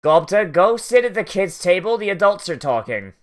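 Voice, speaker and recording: A man's voice: high-pitched, sing-song, moderate pace. Sarcastic, swearing man reacting to anime. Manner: sarcastic, swearing, mock-angry. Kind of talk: profane watch-along commentary.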